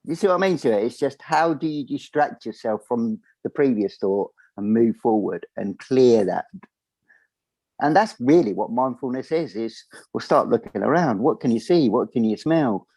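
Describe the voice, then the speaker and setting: A man talking casually on a podcast, often acting out his own inner voice in a higher, lively tone. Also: normal speed, no room sound. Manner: acts out his inner voice in higher animated tones. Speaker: podcast co-host. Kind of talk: casual chat.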